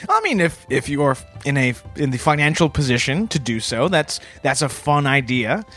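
A man co-hosting a comedy podcast in earnest, mild banter with a quick chuckle. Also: medium pitch, sing-song, bright, forceful tone, faint music behind. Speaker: podcast co-host.

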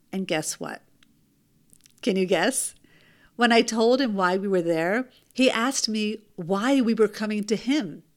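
A mother tells a story about herself in an animated, emphatic way, turning aside now and then to address the listener rhetorically. Her voice sits at a medium pitch.

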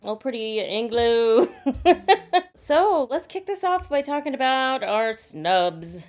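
A woman hosting a casual movie podcast, moving briskly through award facts and jokes. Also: a little high, animated. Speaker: podcast host.

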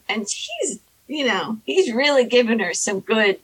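Animated high-voiced woman telling stories. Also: a little slow, slight background noise, rough recording. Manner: animated, acts out quoted people in high squeaky voices. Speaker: storyteller guest. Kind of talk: casual anecdote telling.

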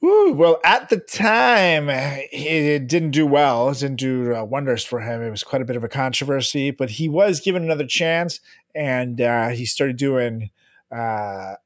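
A man's voice: mid-range voice, lively intonation, a little slow, dry recording, studio quality. A man co-hosting a podcast in casual chat, laughing and swearing loosely as he talks. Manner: laughing, profane, loose banter. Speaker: podcast co-host.

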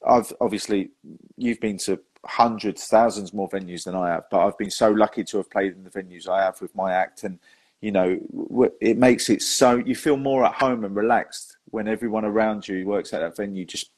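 A man's voice: fairly low pitch, moderate pace. A man hosting a podcast, telling stories in a chatty way and laughing often. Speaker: podcast host. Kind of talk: casual chat.

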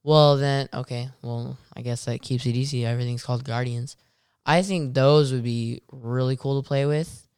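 Smooth voiced guy chatting games, kinda hesitant, keeps searching for words, dry close mic. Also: medium pitch, fairly even intonation, moderate pace, darkish tone, no echo. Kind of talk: casual gaming chat.

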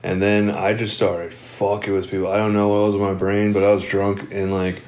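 A man's voice: on the low side, little pitch movement, moderate pace, darkish tone. Laughing, rambling young man. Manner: rambling, laughing storyteller, swears freely. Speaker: podcast co-host. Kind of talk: casual chat.

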